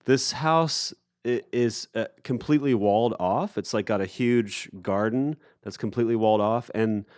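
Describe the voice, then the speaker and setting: A man from Appalachia, a musician telling a story in a casual interview, relaxed and full of fillers. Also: lowish voice, normal speed, dry recording, clean studio sound. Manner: relaxed anecdotal, with fillers and acted-out quotes. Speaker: musician guest. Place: festival recording booth.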